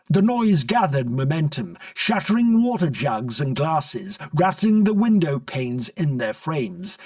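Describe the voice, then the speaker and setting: A man narrating a comic story in an expressive storybook reading, recorded dry from a distance. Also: on the high side, dry recording.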